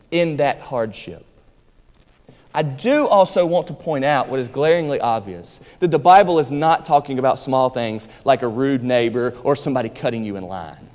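A high-pitched man preaches a sermon from a church pulpit. His delivery is emphatic, dropping into slow, stressed phrases and then racing through asides. The voice rings with a long hall reverb. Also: darkish tone. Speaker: pastor.

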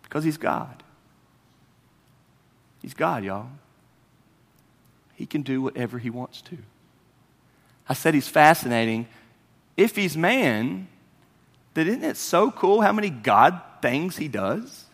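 Male pastor, animated sermon, bright tone, long reverb of a sanctuary. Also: on the high side, slow, gravelly, pauses often, breathy edge. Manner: animated preaching, swings from loud to quiet.

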